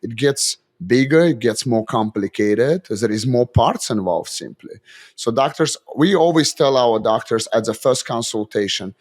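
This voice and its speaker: A man from Azerbaijan, giving measured technical answers as an interview guest. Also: medium pitch, lively intonation. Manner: measured, technical explanations with short agreeing replies. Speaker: guest, dental lab chief executive.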